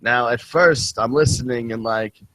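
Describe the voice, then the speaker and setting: A man's voice: medium pitch, measured pace, a bit bright, poor audio. Man telling a story in casual banter. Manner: storytelling, mimics callers mockingly. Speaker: co-host.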